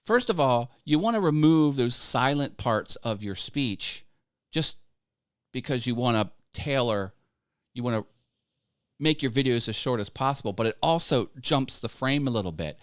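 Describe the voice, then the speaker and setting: A man's voice: medium pitch, lively intonation, normal speed, clear, resonant tone, no room sound, clean studio sound. A man hosting a casual live stream about growing a video channel, upbeat and chatty, laughing easily and thanking viewers. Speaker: YouTube coaching livestream host.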